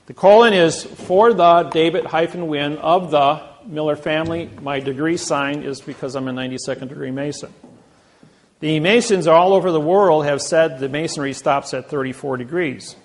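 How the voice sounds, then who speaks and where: A man with a raised, gravelly voice addresses a live audience. He tells boastful stories, acting out the quotes of others as he goes. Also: fairly high pitch, moderate pace, slight background noise. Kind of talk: anecdotal lecture to a live audience.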